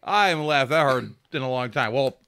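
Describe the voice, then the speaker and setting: A man's voice: mid-range voice, lively intonation, brisk, a bit bright, no echo, studio quality. A man co-hosting a comedy podcast at his home, ribbing his friend with crude, heavily profane teasing and frequent laughter. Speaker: podcast co-host. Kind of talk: casual comedic banter. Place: his own house.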